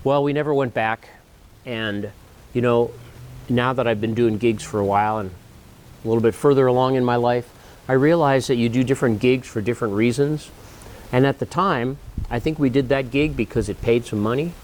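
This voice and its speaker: A man's voice: mid-range voice, normal speed, darkish tone. A man in his sixties, a working musician, telling an old gig story in an easygoing, rambling way with asides. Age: 60s. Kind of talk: casual storytelling.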